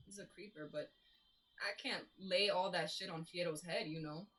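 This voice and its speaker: During a stage play reading, an actor voices a blunt, level-headed young woman who speaks calmly and matter-of-factly. The voice is lowish and natural, at a normal speed, on a rough recording.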